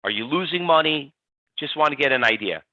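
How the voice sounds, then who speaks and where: Bright-voiced man hosting a trading webinar. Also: on the high side, fairly quick, no echo. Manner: energetic, reads out audience poll answers by name. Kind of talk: live webinar teaching, chatty and informal. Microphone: computer mic on a webinar stream. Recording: dull, slightly lo-fi webinar audio, dry.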